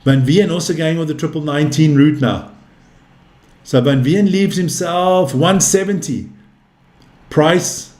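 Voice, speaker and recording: A darts commentator and stream host in his fifties calls scores live and trades loose, chatty banter with viewers, answering their chat. His voice sits fairly high for a man and is a little mellow, his pace measured with frequent pauses, and the sound is roomy with a noticeable echo.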